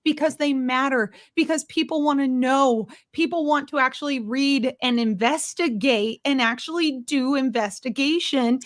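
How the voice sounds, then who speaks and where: A woman's voice: sits high, moderate pace, few pauses, no room sound, studio quality. A woman co-hosting a casual live commentary stream, speaking emphatically with a heated, sarcastic edge. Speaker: co-host and fellow content creator.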